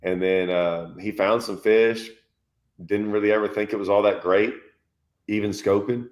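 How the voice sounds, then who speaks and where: A man telling a lively story in casual chat, acting out quotes and laughing often. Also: fairly low pitch, normal speed. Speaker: fishing channel host.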